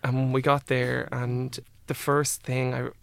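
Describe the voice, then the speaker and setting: A young man, a guest telling a personal story in a halting way full of "like" and "I was like". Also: medium pitch, completely flat delivery, gravelly, clear, resonant tone, no echo. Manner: halting, with many "like" and "I was like" quotes.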